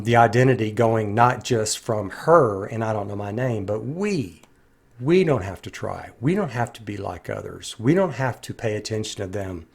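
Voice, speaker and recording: A man in the middle of a reflective song commentary, speaking in an earnest, musing way. His voice sits at an ordinary pitch as he quotes lines aloud and turns them over. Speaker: music commentator.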